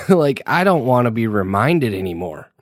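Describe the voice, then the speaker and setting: A man co-hosting a podcast in casual chat, animated and swearing now and then, acting out little back-and-forth exchanges. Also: medium pitch, moderate pace, no echo, clean studio sound. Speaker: podcast co-host.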